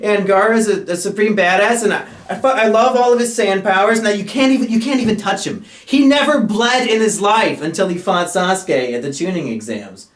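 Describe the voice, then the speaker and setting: A young man co-hosting a casual chat, excitable and swearing, laughing as he tells stories. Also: high voice, fairly quick, few pauses, reverberant. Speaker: co-host.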